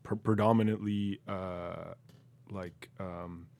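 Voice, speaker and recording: A man's voice: low voice, steady tone, gravelly, warm tone, no room sound. Man, podcast host, from Toronto, casual chat, dry close mic, laughs a lot. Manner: laughs often, quick reactions, loose rambling asides.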